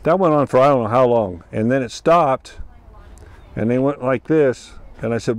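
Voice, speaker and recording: A man's voice: mid-range voice, moderate pace. A man earnestly telling a personal experience, acting out the dialogue as he goes. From Ohio. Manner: earnest, plain-spoken, acts out dialogue. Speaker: festival attendee sharing an experience. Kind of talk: personal storytelling.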